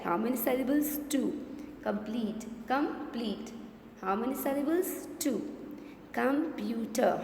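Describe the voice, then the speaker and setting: A woman teacher with a Pakistani English accent leads a revision lesson, repeating key words slowly and pausing to check that everyone follows. Her voice has a gravelly edge. The recording is roomy, with a long reverb tail and faint background noise. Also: mid-range voice, a little mellow. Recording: echoey room with long reverb.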